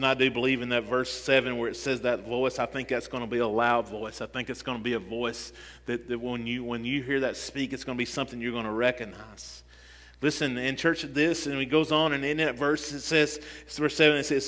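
A man's voice: medium pitch, level tone, fairly quick, fairly bright tone. Preacher man in a reverberant hall. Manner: preaching with rising intensity, repeated "listen" and restarts. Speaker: pastor. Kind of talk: sermon. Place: church sanctuary.

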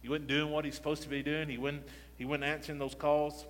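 A male pastor delivers a conversational sermon, pressing his listeners with rhetorical questions and a recurring "listen." His voice sits somewhat high for a man. The room rings with the long reverb of a big church hall. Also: flat delivery, fast.

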